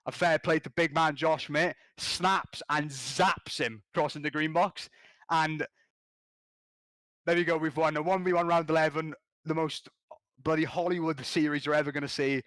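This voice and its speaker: A man guesting on a podcast, telling a gaming story in an animated, slangy way with quick restarts. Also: on the high side, no room sound. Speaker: podcast guest, competitive gamer.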